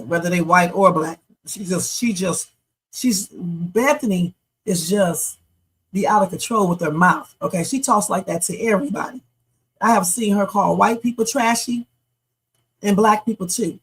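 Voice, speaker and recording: A woman's voice: mid-range voice, moderate pace, husky, poor audio. A middle-aged woman hosting a reaction livestream, giving blunt, emphatic commentary straight to her chat.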